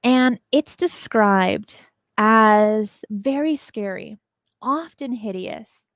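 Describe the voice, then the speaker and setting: A woman's voice: medium pitch, very slow, no echo, clean studio sound. A woman hosting a show on unexplained mysteries, chatting casually as she tells a scary legend and laughs at her own jokes. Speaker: podcast host. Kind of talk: casual storytelling about legends.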